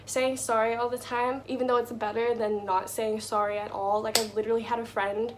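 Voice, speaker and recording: A woman's voice: fairly high pitch, little pitch movement, fairly quick, background noise. A young woman giving casual life advice to her viewers, chatty and full of "like" and "you know".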